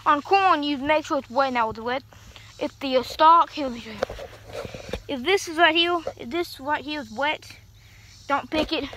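A high-voiced young woman chats on through a rambling vlog, a little out of breath. She holds the phone in one hand outdoors in a cornfield. Plenty of outdoor noise runs under her voice. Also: normal speed, sharp tone. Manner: chatty, rambling, talks to viewers. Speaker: vlogger. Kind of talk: casual vlog. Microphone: phone held in one hand. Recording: noisy outdoor phone recording.

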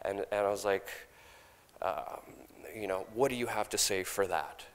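A young man on stage, animatedly telling a story and loudly acting out his own past lines, with laughs in between. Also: fairly low pitch, normal speed. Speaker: speaker at a conference. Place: large conference hall. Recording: long hall reverb.

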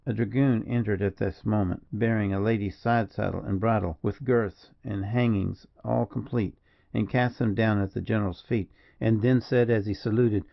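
A man giving a measured, dramatic audiobook narration. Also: fairly low pitch, steady tone, creaky, highs cut off. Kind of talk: scripted narration.

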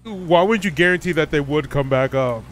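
A man's voice: fairly high pitch, a little fast. Man swearing through a reaction video. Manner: blunt, profane, talks back to the screen. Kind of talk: casual reaction commentary.

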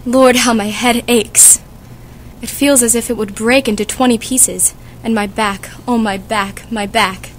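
A woman's voice: mid-range voice, fairly even intonation, a little hiss or hum, natural voice. A woman playing a fussy, chatty old nurse who complains and teases, reading for a school audiobook. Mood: complaining. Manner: complaining, teasing, drawn-out.

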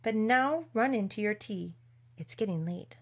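Brief: a soft-spoken, affectionate older sister, voiced by a woman reader. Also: medium pitch, lively intonation, unhurried, husky. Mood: tender. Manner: gentle, soothing. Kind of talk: storybook reading.

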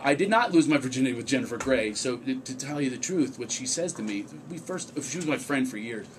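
A man's voice: medium pitch, expressive, a little fast, background noise. A male comedian telling funny stories in casual radio chat, acting out quotes in raised voices. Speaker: comedian guest.

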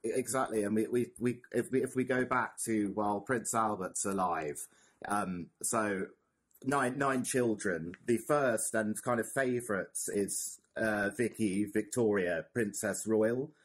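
A man with a husky, low voice talks through history as a podcast co-host. He is thoughtful and casual, and often pauses on fillers and restarts mid-sentence.

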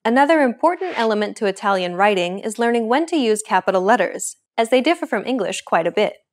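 A woman hosting a language lesson, reading a script with a clear, upbeat teacher's delivery. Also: medium pitch, animated, fast.

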